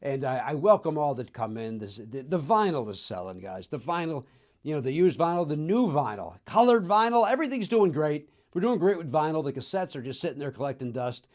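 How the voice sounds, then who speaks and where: A man's voice: on the high side, expressive, darkish tone. A middle-aged man from the Chicago area hosting a comedic monologue about old records, riffing and mocking himself. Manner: self-mocking, riffing, throws in quick silly voices. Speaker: podcast host.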